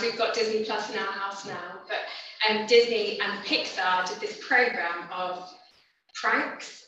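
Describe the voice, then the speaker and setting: A woman's voice: medium pitch, sharp tone, slight background noise. A woman giving a conversational teaching talk as a biblical counsellor at a church evening. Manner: chatty, conversational, with asides and fillers. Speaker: biblical counsellor, guest speaker. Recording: echoey hall, far from the mic, dull sound.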